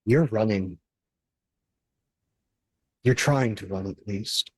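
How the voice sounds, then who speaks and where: Slow husky-voiced man narrating. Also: fairly low pitch, no room sound. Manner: slow, measured, grim narration. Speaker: game master. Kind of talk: narrating a tabletop horror game.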